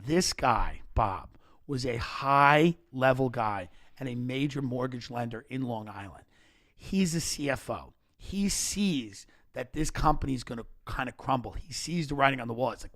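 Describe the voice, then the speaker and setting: A man telling comedic stories in a casual podcast chat, animated and rapid-fire, acting out the people in his stories. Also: medium pitch. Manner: animated, rapid-fire rants, acts out characters in quotes. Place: podcast studio.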